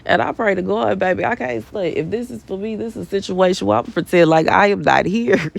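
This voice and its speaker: Speaking fairly quickly in a creaky, mid-range voice, a woman shares a casual prophetic message from a bedroom at her mother's house. She's animated and full of slang, laughs a lot, and addresses listeners as baby and bruh.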